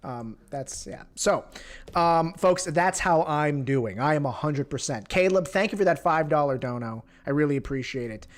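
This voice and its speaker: A man's voice: fairly high pitch, expressive, normal speed. A man hosting a livestream, joking crudely in casual chat with lots of restarts. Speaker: livestream host.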